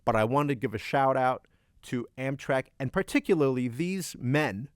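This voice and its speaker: A man on a casual podcast, spinning an anecdote with a lot of up and down in his voice. He tells it as an animated storyteller, acting out the people he quotes. The sound is dry, with no room around it. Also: mid-range voice, normal speed, dry recording. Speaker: podcast co-host. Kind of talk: casual chat, telling an anecdote.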